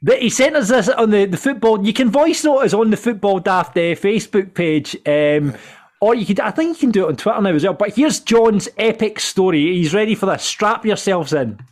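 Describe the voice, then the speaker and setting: A man's voice: high voice, expressive, brisk. A man hosting a casual podcast chat, upbeat as he builds up the next segment. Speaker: podcast host.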